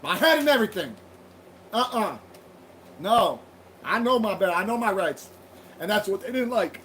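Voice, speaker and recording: A man's voice: high voice, expressive, unhurried, pauses often, fairly bright tone, a little hiss or hum. A man hosting a livestream, ranting bluntly with heavy swearing and rambling restarts. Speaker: livestream host. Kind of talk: profane rambling monologue. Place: home livestream.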